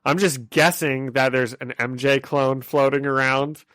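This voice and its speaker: A man co-hosting a podcast, excitedly recapping a comic issue in casual chat, thinking aloud and laughing easily. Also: mid-range voice, unhurried, no echo. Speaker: podcast co-host.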